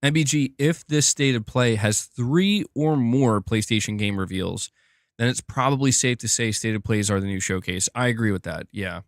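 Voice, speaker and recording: A young man hosts a casual gaming live stream, thinking out loud and restarting his sentences as he reacts to viewer comments. His voice sits at a middling pitch. The close mic sounds dry, with no room echo. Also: normal speed. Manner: rambling, many "like" fillers and restarts.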